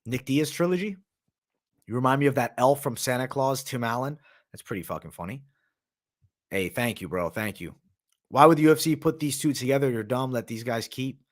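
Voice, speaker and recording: A man's voice: medium pitch, a little fast. Casual slangy male livestream host. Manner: loose, slangy, swears, reads viewer comments aloud; talks while eating. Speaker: MMA analyst and livestream host.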